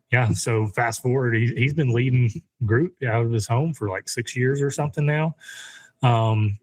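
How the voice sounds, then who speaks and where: A man, a guest on a podcast who leads a men's ministry group, telling personal stories conversationally in an animated, chatty way. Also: mid-range voice, no echo, rough recording. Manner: animated, chatty with frequent fillers and laughs. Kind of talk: conversational storytelling.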